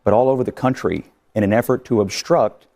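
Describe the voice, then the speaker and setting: A man's voice: mid-range voice, a little fast, a little mellow. A man speaking as a political commentator on a TV panel, arguing with rhetorical questions.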